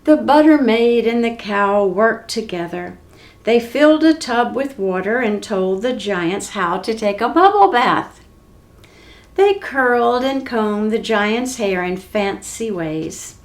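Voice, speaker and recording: A woman telling a children's story for a library reading program, slow and expressive. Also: fairly high pitch. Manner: slow, expressive, clearly paced.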